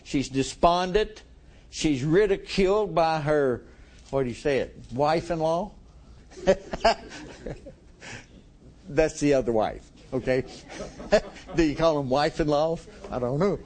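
Folksy man preaching, slow delivery. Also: a little high, darkish tone, slight background noise. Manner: folksy, chuckles to the congregation. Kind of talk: sermon.

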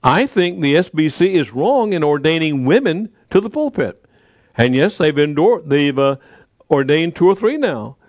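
A man's voice: on the high side, sing-song, a little mellow, dry recording. Earnest older man preaching. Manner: earnest storytelling preaching with pauses and repetitions. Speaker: pastor. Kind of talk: sermon.

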